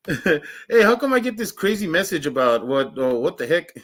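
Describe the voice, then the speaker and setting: A man hosts his own livestream, rambling and joking with his few viewers and laughing often. His voice is bright and fairly high for a man. It jumps between loud bursts and low mutters. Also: big pitch swings, measured pace. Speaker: livestream host. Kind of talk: casual livestream chat.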